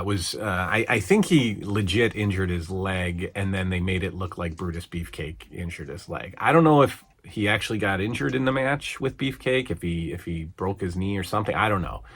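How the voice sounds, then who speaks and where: A man in his forties talks through an old wrestling show in a casual, meandering review. His voice sits a little low, and he rambles, stopping and restarting his sentences with plenty of fillers. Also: a bit bright, breathy edge. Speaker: podcast host reviewing old wrestling shows.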